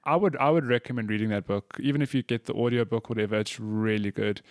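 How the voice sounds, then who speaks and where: A man's voice: mid-range voice, fast, no room sound, studio quality. A man co-hosting a podcast in casual chat, chatty and given to swearing and laughing. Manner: chatty, swears and laughs often, many restarts. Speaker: podcast co-host.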